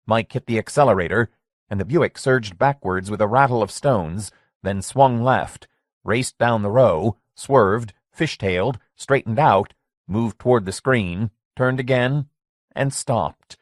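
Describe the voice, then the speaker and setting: A man narrating a horror story audiobook in a measured, steady way. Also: fairly low pitch, no room sound, studio quality. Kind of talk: scripted narration.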